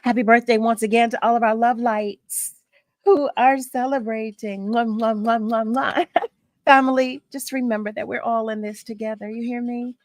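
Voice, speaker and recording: A woman's voice: a little high, steady tone, moderate pace, no echo. Effusive woman radio host, dry studio. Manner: effusive, laughs often, repeats thanks. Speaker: radio talk show host. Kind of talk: warm, emotional radio talk.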